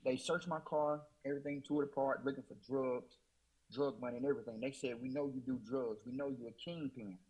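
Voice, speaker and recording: A man's voice: medium pitch, fairly even intonation, fairly quick, darkish tone, husky, rough recording. A man telling his personal faith testimony in an emotional, repetitive storytelling way, often quoting himself with "I said.". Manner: emotional, repeats "I said", Southern US Black church speech. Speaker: guest.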